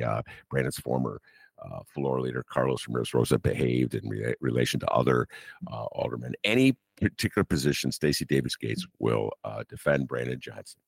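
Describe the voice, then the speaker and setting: Gravelly, very deep-voiced older host. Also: male voice, dry recording, studio quality. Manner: rambling, animated, many "uh" pauses. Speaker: podcast host. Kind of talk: casual monologue.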